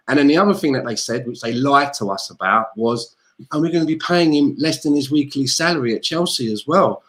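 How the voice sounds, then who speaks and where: A man's voice: fairly high pitch, fairly quick. Sweary man ranting casually. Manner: animated and sweary, mimics others in quotes. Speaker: podcast co-host. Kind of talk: casual football chat.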